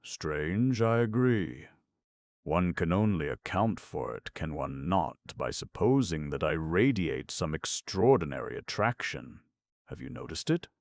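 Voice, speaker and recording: A suave, long-winded gentleman in an audiobook, voiced by a male narrator, speaking in grand, mock-solemn sentences. The voice sits very deep with a gravelly edge, and its pitch moves with lively emphasis. The sound is close and dry. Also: a little slow, no room sound, full character voice. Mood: smug. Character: suave, verbose, self-assured young gentleman.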